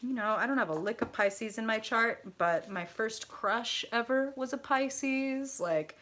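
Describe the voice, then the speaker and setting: A woman's voice: a little high, a little slow, sharp tone. A woman hosting a live tarot reading, effusive and profane, chatting directly to her viewers.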